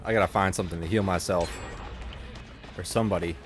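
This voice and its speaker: A young man chatting casually while gaming, often yelling in panic and laughing. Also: low-pitched, steady tone, fast talker, faint music behind. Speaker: gamer.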